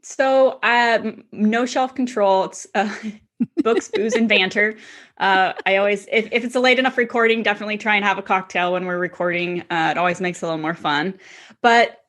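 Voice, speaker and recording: A woman's voice: mid-range voice, fairly even intonation, moderate pace, fairly bright tone. A woman author chatting as a guest, enthusiastic and rambling, with lots of fillers and restarts. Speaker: hosts her own book podcast. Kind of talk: casual conversational interview.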